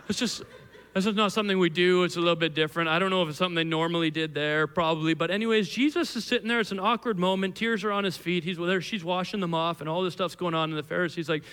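A male pastor preaching a sermon to a live congregation, telling the story in an animated, conversational way with frequent restarts. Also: high-pitched, quick pace, clean tone. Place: church hall with a live congregation. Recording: long hall reverb.

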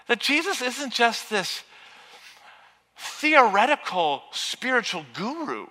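A man preaching a sermon with passion, building to loud, urgent peaks. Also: very high-pitched, very animated, slow pace, long pauses. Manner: impassioned, rising to near shouting at peaks. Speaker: pastor. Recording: long reverb of a large hall.

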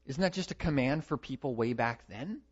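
A man's voice: medium pitch, expressive, moderate pace, breathy edge. A man putting on a sly, whispery devil tempter. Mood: coaxing. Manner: soft, insinuating, half-whispered. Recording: dull lo-fi recording.

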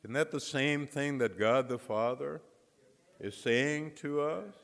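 A man preaching a sermon, telling a story with dramatic pauses and emphatic repetition. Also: mid-range voice, creaky, a bit bright. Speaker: guest preacher. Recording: long hall reverb.

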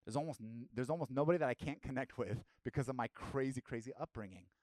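A man's voice: mid-range voice, fast talker, darkish tone, dry recording. A man preaching a sermon as pastor, asking the listeners direct questions and rising into emphatic bursts.

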